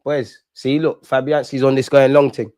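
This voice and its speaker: A young man hosting a live football watch-along, animated and talking straight to the players and referee. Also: medium pitch, normal speed, no echo.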